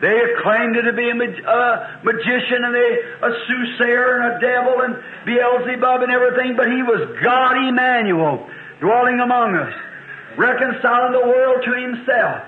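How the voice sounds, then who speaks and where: A man preaching a fervent revival sermon, with rhythmic refrains and drawn-out key words, heard on an old archive tape. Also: very high voice, phone-quality sound. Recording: echoey, phone-thin old archive tape.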